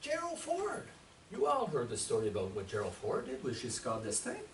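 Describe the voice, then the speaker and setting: A man's voice: mid-range voice, huge pitch swings, normal speed, slight background noise. A man giving a conference talk, emphatic and full of rhetorical questions to the audience, recorded on a distant camera in a hall. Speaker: conference speaker. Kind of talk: lecture to an audience. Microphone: far camera. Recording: distant camera mic in an echoey room.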